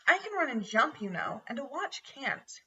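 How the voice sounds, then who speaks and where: A woman's voice: high-pitched, big pitch swings, moderate pace, pushed and bright, slightly rough, voice pushed up, full character voice. A woman reading aloud and voicing a bold, impatient young male mouse who talks in an indignant, businesslike way. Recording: dull, distant home recording.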